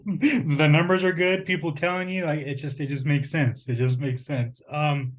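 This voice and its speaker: A man interviewing a fighter in a relaxed, laughing way, often repeating his phrases. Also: on the high side, moderate pace. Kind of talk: casual interview.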